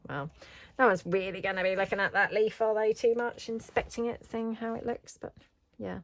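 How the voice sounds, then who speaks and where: A woman's voice: medium pitch, flat delivery, normal speed. A middle-aged British woman chatting casually while she crafts, rambling and self-deprecating. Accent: British English. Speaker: craft vlogger.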